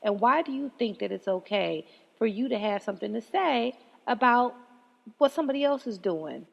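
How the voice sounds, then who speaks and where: A woman hosting her own podcast, ranting in a profane, animated way and often breaking into laughter. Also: fairly high pitch, normal speed, gravelly, long reverb tail, muffled recording. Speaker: podcast host. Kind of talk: solo podcast rant.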